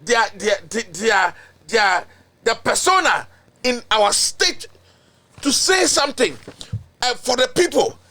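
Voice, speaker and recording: With an extremely high, pushed, bright voice, this Ghanaian political commentary host takes his time, pausing often and swinging broadly in pitch. He sounds indignant and emphatic, blending in repetition and chants in a local language.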